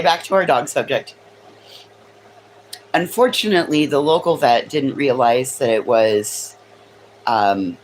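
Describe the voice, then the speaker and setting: A woman's voice: very deep voice, a little hiss or hum, poor audio. A woman hosting a casual livestream from home, teasing her chat with sarcastic remarks. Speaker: livestream host. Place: home near a kitchen.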